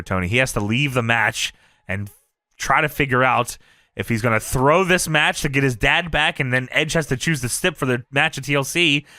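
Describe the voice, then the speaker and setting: A man co-hosting a podcast, recapping old wrestling shows in a casual, profane, animated way. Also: medium pitch, no room sound, studio quality. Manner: animated and profane, jumping into quoted voices. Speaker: podcast co-host.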